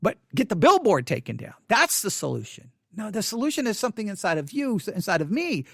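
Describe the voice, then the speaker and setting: Man, high voice, casual commentary, emphatic, restarts phrases. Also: wildly swooping pitch, brisk, creaky, fairly bright tone, slightly rough, dry recording, studio quality. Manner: emphatic, restarts words often.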